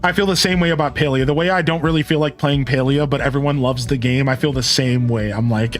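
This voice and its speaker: A man's voice: medium pitch, moderate pace, hardly any pauses, faint music behind. A man streaming live, chatting in a rambling, casual way and answering his chat.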